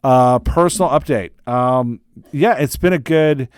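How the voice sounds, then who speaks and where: A man's voice: mid-range voice, unhurried, clean tone, no echo. A middle-aged man hosts a casual solo podcast, drifting loosely between updates and poking fun at himself. He talks into a close microphone in a dry, dead room. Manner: rambling and self-deprecating, with many fillers and restarts. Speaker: podcast host and writing coach. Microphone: close studio microphone.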